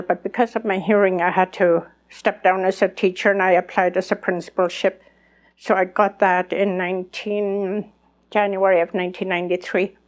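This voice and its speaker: An older woman, an elder speaking at a conference, telling her life story in earnest and acting out remembered conversations. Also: mid-range voice. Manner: earnest, acts out remembered dialogue. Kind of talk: personal storytelling testimony.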